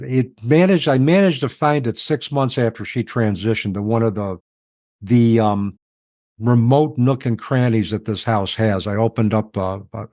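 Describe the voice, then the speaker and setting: A middle-aged man telling personal stories as an interview guest, reflective and halting, emotional at times. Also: medium pitch, darkish tone, dry recording.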